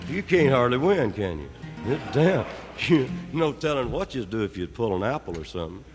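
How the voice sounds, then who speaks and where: A man's voice: medium pitch, very animated, normal speed. A man telling a loose, rambling story between songs at a live concert, swearing casually as he jokes with the crowd. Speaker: singer performing a live show. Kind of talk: joking stage banter between songs. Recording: live hall recording with guitar.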